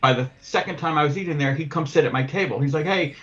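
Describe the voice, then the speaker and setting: This podcast host and window cleaner speaks in a rapid-fire, fairly high voice, and the recording has its highs cut off. Swearing freely, he tells a lengthy story on his casual show about losing a cleaning client, acting out each side of the exchange with lively energy.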